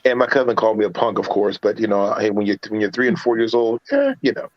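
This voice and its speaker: Quick and lowish, the man's voice sounds dry and lacks highs. A podcast panelist reviewing films, he spins animated stories in casual livestream chat, starting over many times and acting out movie lines.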